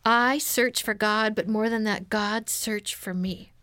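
A woman's voice: mid-range voice, fairly even intonation, slow, a bit bright, clear, resonant tone, dry recording. A woman guest on an interview, telling her life story in an earnest, emotional way. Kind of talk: personal testimony in an interview.

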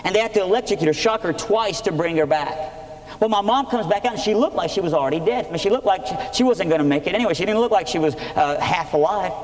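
A man's voice: high voice, fast. A man preaching his testimony, telling the story earnestly and with energy. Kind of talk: sermon testimony. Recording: echoey hall.

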